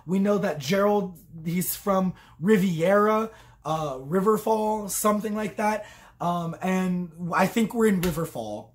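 A woman's voice: mid-range voice, expressive, unhurried, a little mellow, a little hiss or hum. A tipsy woman vlogger giving a rambling comic review, swearing freely and acting out quotes along the way.

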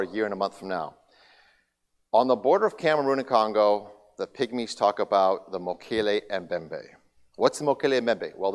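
A man giving a seminar talk as a guest speaker, a lively storyteller who gets loud and excited when recounting his anecdotes. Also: medium pitch. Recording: long hall reverb.

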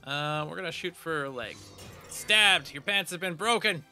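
This gaming video creator speaks a little slowly in a slightly high, pushed, bright voice, with faint music underneath. He reads the game's text aloud during a casual let's play, tossing in playful, jokey asides.

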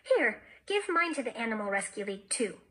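A gushing, generous young girl who squeals when she is thrilled, voiced by a woman reading aloud. Her voice sits high and bright. It comes from a storybook read aloud. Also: very animated, a little fast. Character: excited young schoolgirl, bubbly and generous.

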